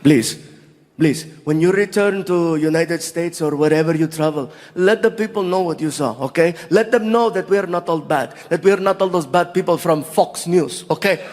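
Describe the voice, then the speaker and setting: A comedian voicing an emotional Saudi man with a put-on Saudi accent, pleading and halting, then teasing. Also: fairly high pitch, a little mellow, long reverb tail, voice pushed down, lightly acted. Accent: Saudi Arabian put-on.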